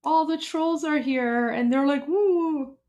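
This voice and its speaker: A woman hosts a casual live stream in a high, bright-pitched voice. She talks with open emotion and rambles, cutting herself off and starting again mid-thought. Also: unhurried. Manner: emotional, rambling, breaks off and restarts often. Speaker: livestream host.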